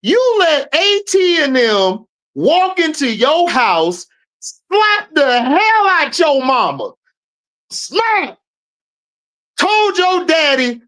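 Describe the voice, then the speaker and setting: A woman's voice: sits high, very animated, slow pace, fairly bright tone. A woman hosting a casual sports recap, trash-talking and mock-scolding players. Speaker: show host, sports commentator.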